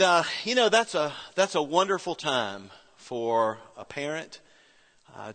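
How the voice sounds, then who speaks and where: A middle-aged man preaching a sermon, telling a story with pauses and soft quoted voices. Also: medium pitch. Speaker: pastor. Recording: reverberant church hall.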